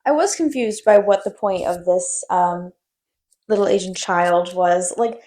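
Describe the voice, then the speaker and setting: A woman's voice: on the low side, a little slow, dark tone. A woman co-hosting a podcast in casual chat, hesitant with many "like"s. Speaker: podcast co-host.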